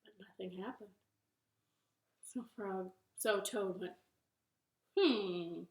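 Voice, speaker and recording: A woman reading a picture book aloud for children's storytime, slowly and expressively, from her living room. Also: medium pitch, echoey room. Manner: slow, expressive, playful. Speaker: library storytime reader.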